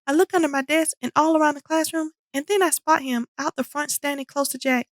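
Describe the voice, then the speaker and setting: A woman reading a children's storybook aloud in an animated, expressive way. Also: high-pitched, brisk, no echo, clean studio sound. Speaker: storybook reader. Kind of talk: children's book read-aloud.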